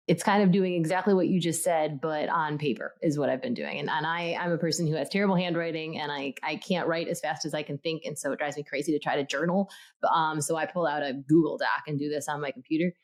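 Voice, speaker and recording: A woman with a notably low voice co-hosts a podcast in casual, earnest chat. She rambles a little and restarts her sentences, with frequent ums along the way. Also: steady tone, brisk. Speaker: podcast co-host.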